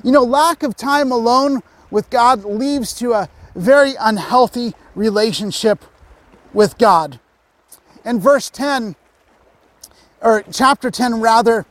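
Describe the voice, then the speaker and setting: A man preaching a sermon as pastor, reading Bible verses and explaining them with emphatic pauses. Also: extremely high pitch, no room sound.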